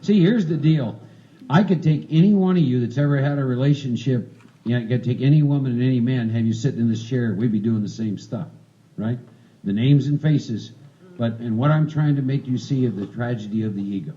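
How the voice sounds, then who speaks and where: Man leading a recovery workshop, mellow voice. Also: medium pitch, brisk. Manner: folksy, keeps checking in with "see?" and "right?". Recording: dull muffled recording.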